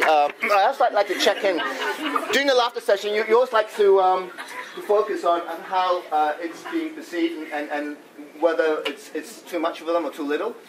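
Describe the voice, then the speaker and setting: A playful man with a high voice leads a laughter workshop, stopping to laugh as he shows each exercise. He is recorded from far across an echoey conference room, with a crowd murmuring and steady noise underneath. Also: moderate pace. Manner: playful, breaks into demonstration laughs. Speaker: laughter club leader.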